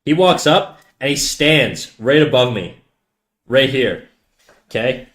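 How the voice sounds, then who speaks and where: A man live streaming, telling a story to his chat in a casual, animated and profane way. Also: medium pitch, takes it slowly.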